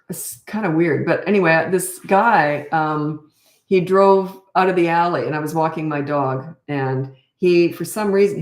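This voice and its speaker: A middle-aged woman parenting coach talking casually through a live Q&A. She is tired and chatty, and often drifts off on tangents. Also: on the low side. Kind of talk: live Q&A chat. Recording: roomy echo.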